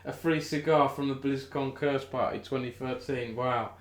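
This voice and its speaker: British male esports news host, middle pitch, chatty and stop-start, roomy echo. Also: fairly even intonation, normal speed. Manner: chatty, self-interrupting, thinks aloud. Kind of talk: casual live-stream news chat.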